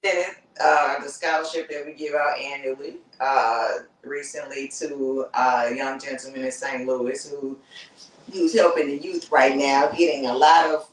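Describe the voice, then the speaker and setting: A woman's voice: a bass voice, measured pace. Brief: female guest, easygoing and rambly, heard from a distance in an echoey room. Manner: relaxed, rambling, many fillers. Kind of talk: casual chat. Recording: roomy, off-mic distance.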